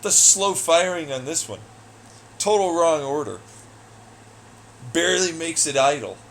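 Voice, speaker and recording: A man ranting alone in an audio blog, profane, taunting and hostile, swinging between loud jeers and low muttering. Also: animated, measured pace, vocal fry, slight background noise. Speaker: audio blogger. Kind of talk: angry solo rant.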